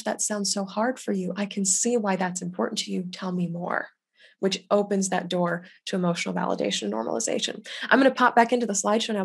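A young adult woman hosting a webinar on loss, speaking gently and with validation as she reads out chat comments over a video call. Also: mid-range voice, creaky, breathy edge. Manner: gentle and validating, quotes others' words aloud. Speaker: grief educator hosting a webinar.

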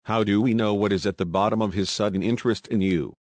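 A man voicing an excitable Russian male conspirator, speaking with urgent reproach. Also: fairly low pitch, fast, no echo, close to an everyday voice. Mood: agitated.

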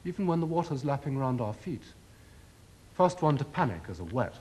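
Male lecturer, formal talk, expressive pitch, pointed ironic stress. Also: a little hiss or hum. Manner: measured, rhetorical, ironic emphasis.

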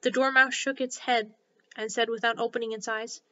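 Brief: woman storyteller, bright, slightly high, steady narration, lo-fi audio. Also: normal speed. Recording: slightly dull lo-fi recording.

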